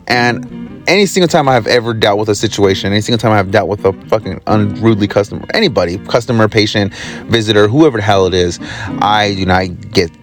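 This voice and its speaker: A man hosting his own podcast, telling a work story in a casual, rambling way with lots of swearing and fillers. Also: on the low side. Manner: rambling, profane, with many fillers. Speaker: podcast host. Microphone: recording on the job, from a motel.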